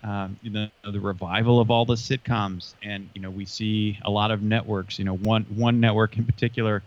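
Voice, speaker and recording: A man's low voice comes through a dull, lo-fi recording. He talks with a dry, sarcastic edge and fills his sentences with ums and you knows. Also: flat delivery, moderate pace. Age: 40s. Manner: dryly sarcastic, lots of fillers. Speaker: podcast co-host. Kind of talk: casual discussion. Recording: dull lo-fi sound.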